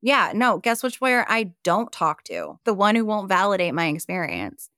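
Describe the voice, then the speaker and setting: A woman's voice: mid-range voice, big pitch swings, moderate pace, fairly bright tone, no echo, studio quality. A woman from Iowa, a podcast guest, telling her personal story in a candid, emphatic way and swearing freely.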